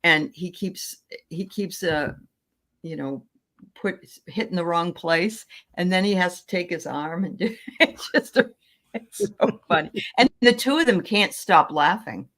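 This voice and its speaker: A woman's voice: on the low side, animated, a little slow, a bit bright. An older woman hosting a casual livestream chat over a video call, rambling along and laughing easily.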